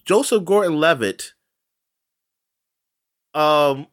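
A man co-hosting a podcast in casual chat, animated and joking, swearing casually. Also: fairly high pitch, drawn-out words. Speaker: podcast co-host.

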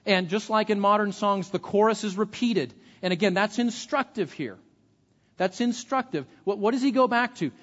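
A man's voice: high-pitched, normal speed, a bit bright, big-room sound, lo-fi sound. A man preaching a sermon as pastor, earnest, often repeating words as he starts a sentence.

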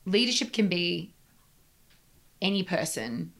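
A woman speaking earnestly in a conversational interview, emphatic and quickening when she drives a point home. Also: on the low side, big pitch swings, vocal fry, fairly bright tone.

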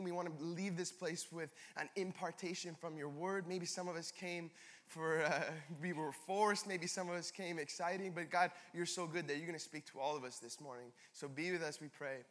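A young Canadian pastor preaches a sermon in a large church hall, telling stories conversationally and slipping in self-deprecating asides. His voice sits high and a bit bright, fairly quick with fairly even intonation, and the recording has long hall reverb.

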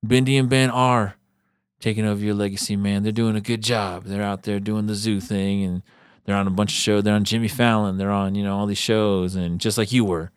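A man's voice: on the low side, level tone, a little fast, clear, resonant tone, no echo, studio quality. A man co-hosting a podcast, talking casually and retelling stories with lots of "he's like" quotes. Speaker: podcast co-host. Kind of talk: casual chat.

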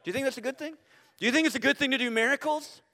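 A man preaching a sermon as pastor, animated and full of rhetorical questions, often restarting his sentences. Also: very high voice, very fast. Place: church sanctuary. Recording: reverberant church hall.

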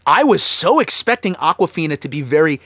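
A man co-hosting a casual film-review chat, talking animatedly with quick restarts and acting out characters' lines. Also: a little high, sing-song, a bit bright, dry recording, clean studio sound. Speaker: podcast co-host.

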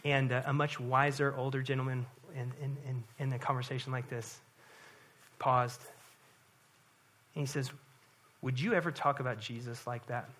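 A man's voice: mid-range voice, fairly even intonation, moderate pace, pauses often, a bit bright. A middle-aged man, a pastor, giving an earnest, conversational sermon with frequent restarts.

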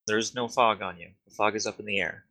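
A man as game master, narrating the scene and correcting players with quick repeated words. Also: fairly low pitch, steady tone, pushed and bright. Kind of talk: running a tabletop game.

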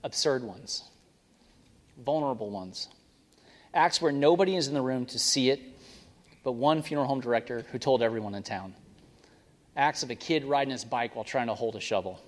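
A man's voice: medium pitch, brisk, pauses often. A young adult male pastor giving a casual, rambling sermon story and prayer, often stopping to correct himself. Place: church sanctuary. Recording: long reverb of a church hall.

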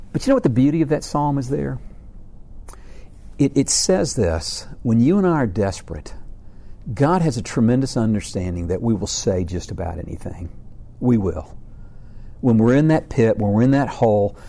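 A middle-aged man with a medium-pitched, gravelly, dark-toned voice gives an informal faith talk about family struggles. He is earnest and rambling, often restarting and repeating words.

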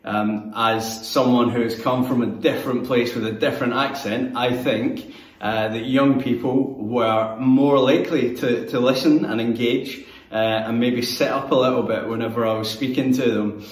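A Scottish man in his thirties gives a sermon in a roomy church hall, caught by a mic set some way off. His voice sits at an ordinary pitch. He talks in a relaxed, conversational, self-deprecating way. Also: moderate pace. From Scotland. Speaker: church youth leader. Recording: echoey room, mic at a distance.

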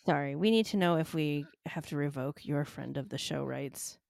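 A woman's voice: sits low, moderate pace, gravelly, a little mellow, no room sound, studio quality. Wry chatty woman podcast host. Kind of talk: casual chat.

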